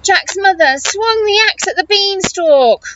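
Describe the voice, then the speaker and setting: A teacher reading a picture book aloud to children in an animated way, gasping and asking questions. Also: female voice, very high-pitched, a little slow. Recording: muffled recording with hiss.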